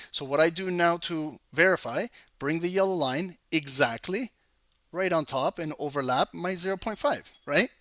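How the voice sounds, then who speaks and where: Bright-voiced man explaining market charts. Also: on the high side, no echo. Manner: energetic, chatty, teasing the audience. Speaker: trading educator. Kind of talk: live market analysis walkthrough.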